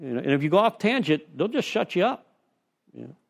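A man's voice: fairly high pitch, big pitch swings, fairly quick, creaky. A man leading a recovery step study, telling rambling conversational stories to a group in a meeting room. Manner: rambling, conversational storytelling with frequent "you know". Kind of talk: informal recovery talk to a group.

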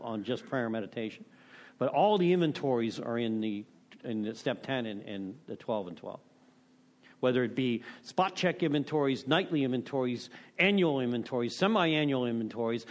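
A man's voice: mid-range voice, animated, fairly quick. A middle-aged man giving a candid, rambling talk on recovery steps, full of self-deprecation and "you know.". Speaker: recovery meeting speaker.

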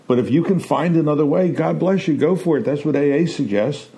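Man, mellow warm voice, candid reflective testimony. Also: on the high side, a little fast. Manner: candid, reflective, gets emphatic. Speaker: panelist. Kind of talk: personal testimony in a talk show.

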